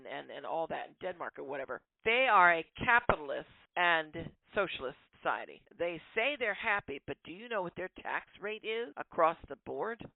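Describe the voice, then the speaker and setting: A woman hosting a podcast, delivering an opinionated monologue in an animated, ranting way full of rhetorical questions. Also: on the low side, creaky, no room sound. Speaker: podcast host. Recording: tinny phone-like line, dry.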